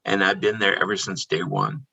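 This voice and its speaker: A man who is a guest on a podcast, telling candid stories in an animated, casual way. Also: low voice, moderate pace, gravelly, slightly rough, low-quality recording. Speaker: podcast guest, theme park performer. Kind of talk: casual storytelling chat.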